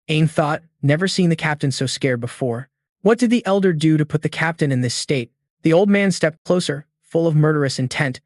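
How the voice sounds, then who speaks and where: Fairly high-voiced man narrating a recap. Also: lively intonation, fairly quick, no room sound, clean studio sound. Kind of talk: scripted story recap narration.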